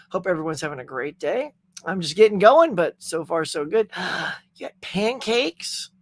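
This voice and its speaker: A man's voice: high-pitched, no room sound. A man hosting a casual pop culture live stream from his home setup, talking in a goofy, upbeat way into a desktop USB microphone. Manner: goofy, upbeat, reads viewer chat aloud. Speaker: host of a pop culture livestream. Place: home setup in Southern California.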